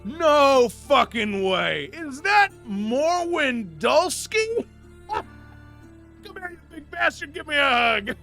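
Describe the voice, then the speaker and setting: A man's voice: extremely high pitch, very animated, slow, gravelly, pushed and bright, soft background music, voice pushed up, exaggerated voice. A man voicing a boisterous tusked male brawler who swears, teases and laughs a lot.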